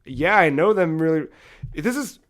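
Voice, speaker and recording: A man's voice: on the high side, moderate pace. Young man retelling a game animatedly. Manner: animated storytelling, acting out game characters, frequent swearing. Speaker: podcast co-host. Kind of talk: casual podcast chat.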